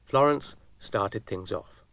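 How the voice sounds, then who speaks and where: A man narrating a children's story with a dry, gently wry delivery. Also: lowish voice, slow, clean tone, dry recording.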